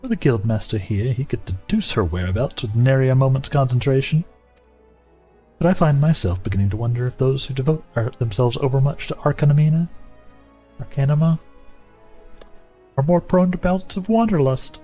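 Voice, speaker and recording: A man voicing a formal, worried male guild scholar in a game, reading ornate, old-fashioned lines slowly. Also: mid-range voice, dark tone, faint music behind, pitched above the performer's own voice, lightly acted. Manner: archaic, formal phrasing read slowly. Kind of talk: reading game dialogue aloud.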